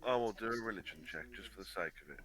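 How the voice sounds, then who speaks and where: A man's voice: deep voice, very fast, a crowd in the background. A man playing a tabletop game, speaking in a plain, matter-of-fact way. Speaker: player. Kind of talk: casual tabletop game chat.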